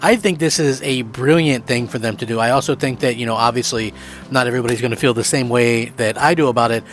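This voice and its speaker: An eager man talks through his gaming opinions in a rambling way, full of fillers and loose restarts. His voice sits at a middle pitch. A faint music track plays quietly underneath him. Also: quick pace. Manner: excited, rambling, many fillers. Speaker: gaming channel host. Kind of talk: opinion commentary.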